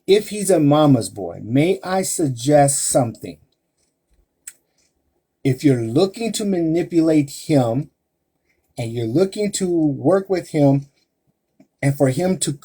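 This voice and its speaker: A man's voice: fairly high pitch, expressive, takes it slowly, pauses often, mellow, husky. A man hosting a live-stream advice talk, speaking emphatically to women listeners and asking rhetorical questions. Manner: addresses women listeners directly. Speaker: relationship advice host.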